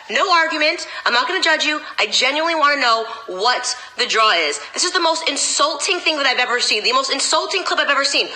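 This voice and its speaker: Woman ranting to camera, sharp bright voice, bit high, sarcastic and pushy. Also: poor audio. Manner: sarcastic, mocking, emphatic. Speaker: political commentator. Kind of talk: direct-to-camera rant.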